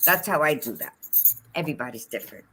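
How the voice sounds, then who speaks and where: A middle-aged woman co-hosting a casual talk show, chatting in an expressive, frank and folksy way, with Spanish words mixed in. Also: sits low, fast, slightly rough. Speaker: podcast co-host. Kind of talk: casual chat.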